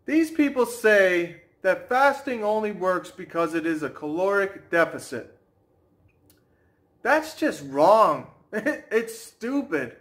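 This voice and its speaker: A man ranting to camera as a fitness vlogger, brash and mocking, slowing right down to stress his points. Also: sits high, very animated, fairly bright tone. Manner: brash, mocking, slows down for emphasis.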